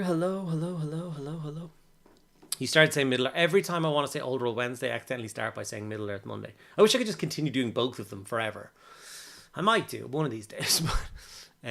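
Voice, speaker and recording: Guy rambling on a hobby stream, gravelly voice, says hi to everyone in chat. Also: medium pitch, pushed and bright. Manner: chatty, greets chat by name, jokey asides. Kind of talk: casual live-stream chat.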